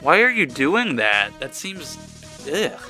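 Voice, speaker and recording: A man's voice: fairly high pitch, very animated, slow, pushed and bright, soft background music. A man giving casual gameplay commentary with crude, joking asides. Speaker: let's player.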